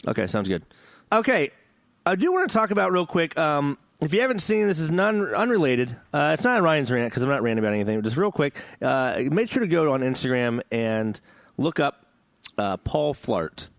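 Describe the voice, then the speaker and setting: A man's voice: on the high side, sing-song, brisk, no room sound. A man hosting a gaming podcast in casual chat, joking, rambling and swearing. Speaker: podcast host.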